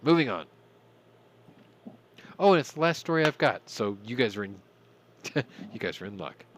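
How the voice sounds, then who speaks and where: A man's voice: mid-range voice, very animated, normal speed, a little hiss or hum. A man hosting a casual news commentary podcast, irreverent and swearing, with ranting asides. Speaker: podcast host.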